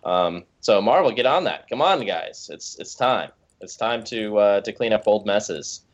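A man's voice: lowish voice, expressive, a little slow, muffled recording, slight background noise. A man co-hosting a podcast in casual chat, rambling with lots of fillers, restarts and swearing. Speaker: podcast co-host.

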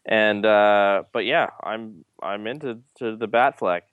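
Smooth low-voiced man, halting chat. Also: no echo, narrow, tinny audio. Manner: halting, many restarts and fillers. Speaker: podcast co-host. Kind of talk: casual chat.

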